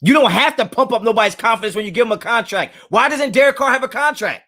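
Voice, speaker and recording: A young man hosts a live sports fan talk and answers his chat. His voice sits high for a man. He argues heatedly and repeats words over and over to drive a point home. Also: expressive, quick pace, sharp tone. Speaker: sports talk show host.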